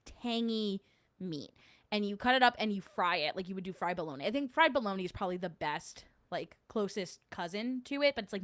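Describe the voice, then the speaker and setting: A woman's voice: medium pitch, fairly bright tone. A young New Jersey woman with a matching accent chats through her livestream, laughing easily and doing little impressions of people as she tells stories. Her voice sits in a middle register. The sound is close and dry, with no room echo. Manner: chatty, laughs often, mimics others mid-story. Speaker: podcast host reading live chat. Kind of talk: casual livestream chat.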